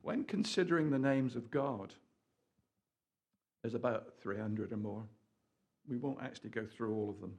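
Male preacher, raspy gravelly voice, lots of asides and questions to the crowd. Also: medium pitch, normal speed, long pauses, lo-fi sound. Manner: animated, rambling, with asides and rhetorical questions. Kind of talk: sermon.

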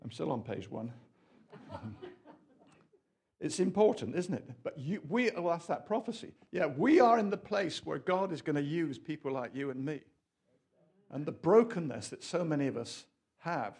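A man preaching a sermon in an animated, rambling way, full of asides and questions to the audience. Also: a little high, moderate pace, husky.

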